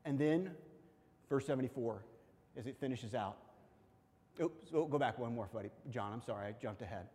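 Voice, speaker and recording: A man preaching a sermon as a pastor, reading scripture aloud and acting out the quoted lines with swings from loud to quiet. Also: medium pitch, normal speed, long pauses, in a large hall. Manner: animated, acts out quoted lines, drops to quiet intensity.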